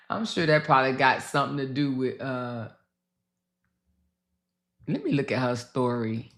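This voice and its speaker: Slow, bright-voiced woman livestream host. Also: extremely low pitch, expressive. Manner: slow, chatty, swearing, talks to viewers. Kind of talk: casual commentary livestream.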